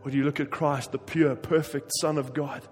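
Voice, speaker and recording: A man's voice: fairly high pitch, fairly even intonation, a little fast, soft background music. Impassioned male preacher in a big hall. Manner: impassioned, swings between emphatic and hushed. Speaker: pastor. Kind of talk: sermon.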